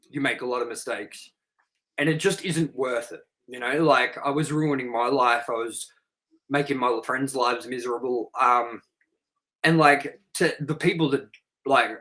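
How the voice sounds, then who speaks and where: A man of medium pitch hosts a casual podcast, heard on a rough recording. His tales are candid and full of swearing, and he animatedly acts out people's words.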